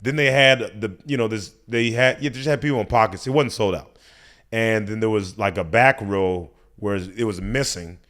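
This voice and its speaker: A man's voice: on the low side, moderate pace, fairly bright tone. A man in his thirties, a comedian guest on a podcast, telling a story casually with laughs and acted-out quotes. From United States. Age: 30s. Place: podcast studio.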